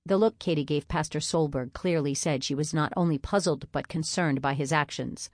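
Reading a novel aloud as an audiobook narrator, a low-voiced woman keeps her scripted delivery even and measured. There's no room sound in this studio-quality recording.

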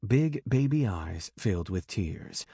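A man narrating an audiobook in a measured, dramatic way on a close mic. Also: fairly low pitch, lively intonation, warm tone, slightly rough, dry recording.

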